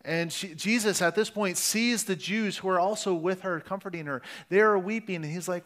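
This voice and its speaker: A man's voice: sits high, normal speed, hardly any pauses, a bit bright. Earnest man preaching a sermon. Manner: earnest, with restarts and varying emphasis. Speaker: pastor.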